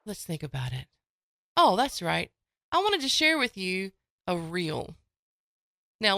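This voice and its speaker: A woman's voice: medium pitch, vocal fry, sharp tone, no room sound. A woman hosting a morning radio show, chatting casually and playfully into a studio microphone. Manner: chatty, playful, folksy, with frequent laughs.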